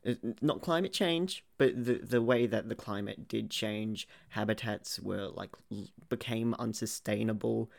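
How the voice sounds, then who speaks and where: A man's voice: fairly low pitch, a little slow, creaky, hardly any pauses. A young man co-hosting a casual film-review chat, laughing and ranting with a lot of swearing. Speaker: podcast co-host.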